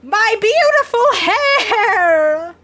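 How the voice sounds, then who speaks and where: Woman voicing a tabletop-game creature, outraged, shrill, shouting from a distance, faint music behind. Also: sing-song, drawn-out words, exaggerated voice. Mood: indignant shouting. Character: indignant creature hiding in a wheat field.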